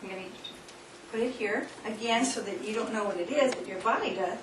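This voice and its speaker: A woman with a fairly high voice runs a hands-on demonstration in front of an audience, coaxing volunteers and laughing often. She is heard from far off in a roomy, echoing hall. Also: fairly quick. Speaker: seminar speaker. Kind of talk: live workshop demonstration. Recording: distant, echoey room recording with noise.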